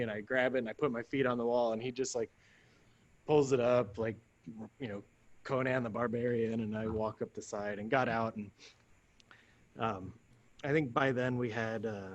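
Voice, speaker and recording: Laughing, animated male storyteller. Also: medium pitch, highs cut off. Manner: animated, laughs often, acts out quoted lines. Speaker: guest. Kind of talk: casual storytelling.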